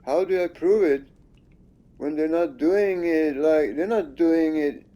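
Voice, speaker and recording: A man's voice: fairly high pitch, measured pace, dark tone, highs cut off. A man giving casual, rambling commentary over his own gameplay, accusing and swearing at the screen.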